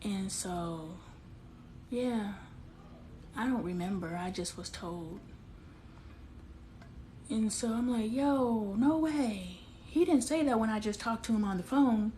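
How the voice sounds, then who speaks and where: A woman's voice: medium pitch, slow pace, pauses often, dark tone, a little hiss or hum. A woman in her thirties hosting a candid live stream on her phone outdoors, talking straight to viewers and answering their comments aloud. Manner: emotional, confiding, talks straight to viewers.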